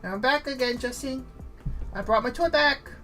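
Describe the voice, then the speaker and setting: A man's voice: very high-pitched, moderate pace, a bit bright, soft background music. A man voicing a needy, dramatic female pet dog that whines, pleads and guilt-trips. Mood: pleading. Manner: whiny, pleading and guilt-tripping.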